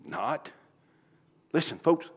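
A middle-aged man, preaching a sermon as pastor in a folksy manner, swinging from quiet pleading to loud exclaiming. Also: fairly high pitch, very animated, slow, husky. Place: church sanctuary.

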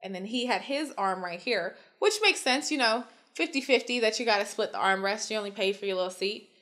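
Animated woman telling blunt travel stories. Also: mid-range voice, brisk. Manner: acts out the other people in her stories, swears freely, laughs a lot. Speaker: podcast co-host. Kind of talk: casual chat, animated storytelling.

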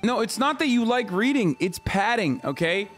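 A man's voice: high voice, very animated, normal speed, a bit bright. A man streaming a game, profanely ranting with an exasperated tone in casual commentary. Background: faint game music.

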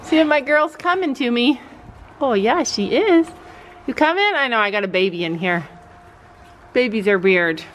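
An older woman, a grandmother, chats casually in a vlog as she walks around her farm and barn outdoors, switching into baby talk for a toddler and the animals. Her voice is a little high with lively intonation and a moderate pace, broken by long pauses, and there's a bit of hiss or hum.

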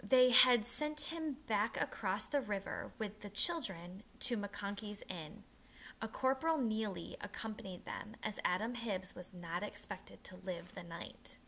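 A woman reads a children's historical novel aloud with an expressive, storytelling delivery. Her voice is bright and clear, at an ordinary pitch. Now and then she stumbles and restarts a phrase. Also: measured pace, a little hiss or hum. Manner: expressive, occasional restarts and self-corrections. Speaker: narrator.

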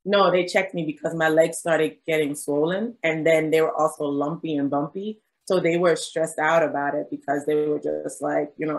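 A woman's voice: deep voice, low-quality recording. A young adult woman, a physician guest, telling a story in a casual interview, acting out quotes and laughing often. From South Jersey.

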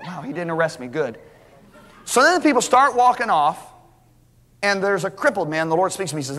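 A middle-aged man preaching a sermon as a lively story, acting out the dialogue. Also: a little high. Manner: animated, acts out dialogue, restarts. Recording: hall reverb.

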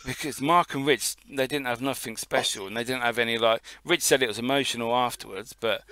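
A man's voice: medium pitch, fairly even intonation, fairly quick, pushed and bright, clear, resonant tone, no echo. A man co-hosting a casual podcast, telling a long story in a rambling way and swearing often. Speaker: podcast co-host.

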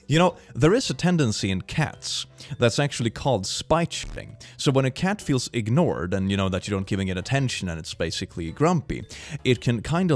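A man who is not a native English speaker, giving jokey, giggly commentary on memes as a streamer and often talking to himself. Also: fairly low pitch. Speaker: meme reaction streamer. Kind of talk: casual reaction commentary.

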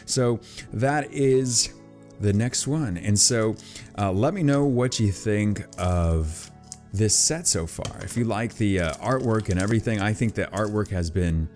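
A man with a fairly low voice talks through opening card packs in a loose, rambling way. He gets excitable and gushing when something good turns up, and faint music plays behind him. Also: a little slow. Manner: chatty, excitable, gushing over pulls. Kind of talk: casual unboxing commentary.

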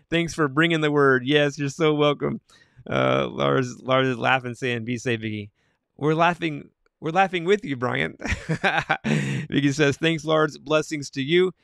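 A man hosting a Christian morning livestream, reading viewer comments aloud and answering each viewer by name, growing soft-spoken on sad news. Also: fairly high pitch, gravelly, clean tone, dry recording, studio quality.

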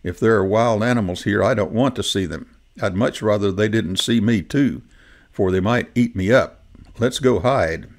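A man reading as a timid old goose gentleman. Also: lowish voice, moderate pace, natural voice. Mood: worried. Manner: worried, reluctant.

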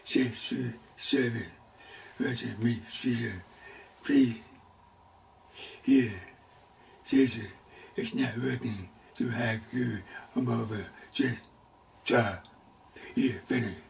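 In a church classroom, a man with a medium-pitched, gravelly voice leads a Sunday school Bible lesson at an unhurried, deliberate pace. He talks in broken, halting bits interrupted by abrupt loud outbursts. He stands far from the microphone, and there's slight background noise.

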